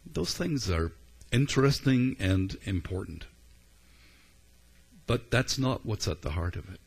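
A male pastor delivers a sermon in a low, slightly husky voice. He sounds earnest and conversational. He often stops to gather his thoughts with an "um.". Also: big pitch swings, a little slow. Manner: earnest and conversational, with frequent ums.

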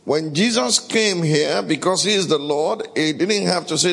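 A man's voice: on the high side, normal speed, creaky, hardly any pauses, fairly bright tone, slightly rough. A man preaching a sermon, emphatic and calling out to the congregation for responses. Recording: long hall reverb.

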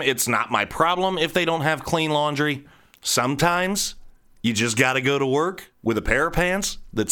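A middle-aged man hosting a casual monologue, blunt and profane, telling animated stories. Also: medium pitch, clear, resonant tone.

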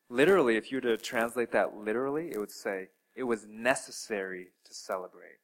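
A man's voice: mid-range voice, a little fast, few pauses, poor audio. Earnest man preaching a sermon. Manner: earnest, with wide swings in loudness; talks to listeners with direct questions.

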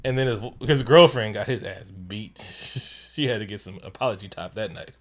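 A man co-hosting a casual movie recap, talking in animated, profane bursts and acting out lines from the film. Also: lowish voice, moderate pace. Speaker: podcast co-host.

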